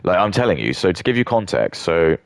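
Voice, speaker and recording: A man's voice: low voice, big pitch swings, fairly quick, creaky, no echo. A British man in his thirties, talking in a rambling, blunt rant with frequent stammering restarts. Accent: British English. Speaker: streamer.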